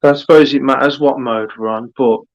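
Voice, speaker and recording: A man's voice: mid-range voice, fairly even intonation, a little fast, dry recording, dull audio. Repetitive man, dry sound. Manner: repetitive, restarts phrases. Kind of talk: casual chat.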